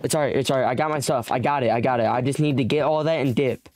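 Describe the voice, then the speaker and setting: A young man narrating his own survival game as he plays. He talks in a frantic, pleading rush, bargaining with whatever is chasing him. His voice sits at an ordinary middle pitch. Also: fast talker, a little mellow, no room sound. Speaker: gamer. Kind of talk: let's play commentary.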